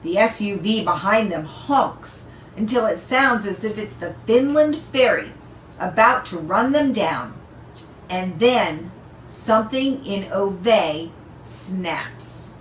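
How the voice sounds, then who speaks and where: A woman reading a novel aloud in an unhurried, amused storytelling manner, in an echoey room. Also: medium pitch, animated, slight background noise. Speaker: audiobook reader. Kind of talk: read-aloud story narration.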